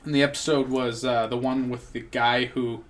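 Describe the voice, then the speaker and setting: A man's voice: mid-range voice, level tone, normal speed. A young man hosting a podcast, rambling and joking with lots of swearing in casual chat. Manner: profane, rambling, jokey. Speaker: podcast host.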